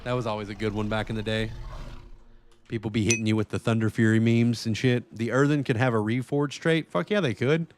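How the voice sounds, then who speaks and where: A man's voice: on the low side, a little fast, background noise. A man streaming a game and chatting casually, swearing freely and ranting with animation. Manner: profane, animated rant.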